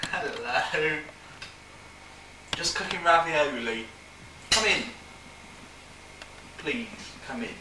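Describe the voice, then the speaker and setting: A man's voice: fairly high pitch, lively intonation, extremely slow, pauses often. A man tells an easygoing story of the trip while standing inside a small stone hut. He is heard from across the room on a camcorder, his voice bouncing off the walls under a layer of noise. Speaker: friend on camping trip. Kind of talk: casual chat. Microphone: camcorder mic across the room. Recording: echoey, distant camcorder sound with noise.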